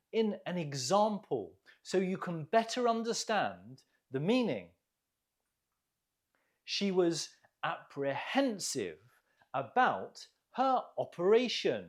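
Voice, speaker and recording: Very slow, lively-voiced English teacher. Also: mid-range voice. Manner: deliberate, clearly enunciated, drills pronunciation with pauses for repeating; encouraging, gently praises learners. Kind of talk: online vocabulary lesson.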